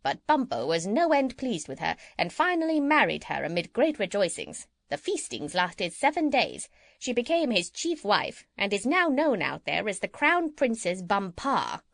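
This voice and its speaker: A woman's voice: medium pitch, normal speed, gravelly, no echo. A woman reading an audiobook and voicing a chatty, gossipy female parrot. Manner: lively, chattering storytelling. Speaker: audiobook reader. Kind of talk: children's audiobook character reading.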